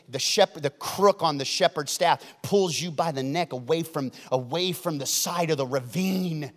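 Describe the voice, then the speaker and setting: Pastor preaching in a big hall. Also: male voice, on the high side, moderate pace, few pauses. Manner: dramatic, shouts and acts out stories, swings loud to soft. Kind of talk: sermon. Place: large church hall. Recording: long hall reverb.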